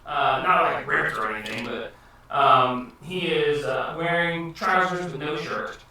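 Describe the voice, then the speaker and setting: Hesitant game master, unhurried narration, distant mic, loud room echo. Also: medium pitch. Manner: hesitant, filler-heavy narration. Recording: distant echoey room with noise.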